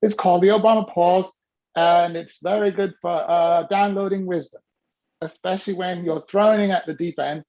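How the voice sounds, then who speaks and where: A woman hosting a casual video-call workshop, talking in a playful, teasing, animated way. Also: lowish voice, normal speed, lo-fi sound. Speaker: host and coach.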